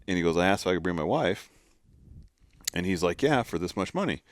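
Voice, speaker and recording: Deep voiced guy on a podcast telling a hunting story, doing everyone's voices, dry close sound. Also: fairly quick, no echo. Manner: animated storyteller, acts out quotes. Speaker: podcast co-host. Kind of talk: casual storytelling chat.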